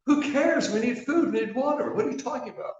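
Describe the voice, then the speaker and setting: A man acts out a stranded man in full panic, his voice jumping high and tight. The sound is distant and dull, swimming in the heavy echo of a church hall. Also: lively intonation, quick pace. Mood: panicky. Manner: frantic, repeating questions.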